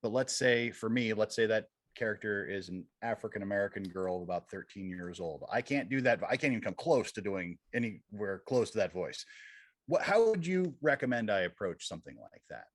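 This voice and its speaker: A man's voice: lowish voice, animated, fairly quick, dry recording. A man, a filmmaker, talking in a casual panel chat, conversational and given to hesitant restarts.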